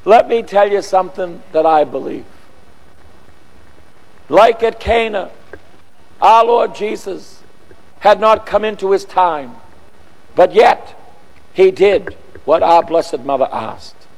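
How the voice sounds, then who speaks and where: A man preaching a sermon, emphatic and repetitive, building from quiet phrases to shouted lines. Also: sits high, slow pace, pauses often. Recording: long echoey hall.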